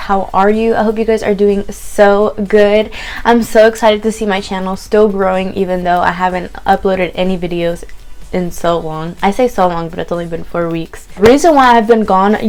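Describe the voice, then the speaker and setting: A young woman chatting to camera in a candid story-time vlog, swearing freely and acting out her own reactions. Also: mid-range voice. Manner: chatty, candid, swears freely, quotes herself in lively asides. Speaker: beauty vlogger.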